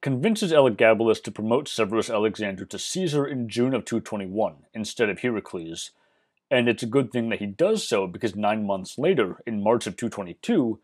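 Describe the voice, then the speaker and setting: A man narrating a history lesson, measured and explanatory with dry, wry asides. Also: lowish voice, a little mellow. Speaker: history channel host.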